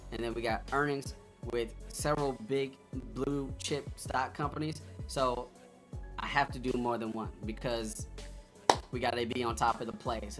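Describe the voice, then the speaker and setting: A man's voice: mid-range voice, a bit bright. A man hosting a stock trading livestream, talking loosely and straight to his viewers in casual chat.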